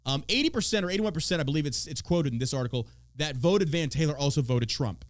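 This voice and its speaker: Animated, swearing man ranting on a podcast. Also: fairly high pitch, quick pace, no room sound. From Texas. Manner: mocking, animated, swears freely. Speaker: podcast host. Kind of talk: profane political rant.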